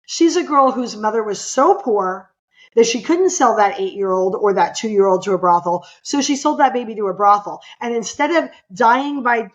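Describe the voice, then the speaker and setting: A woman's voice: medium pitch, highs cut off. A middle-aged woman from California, a podcast guest telling a personal story with emphatic, impassioned delivery. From California, USA.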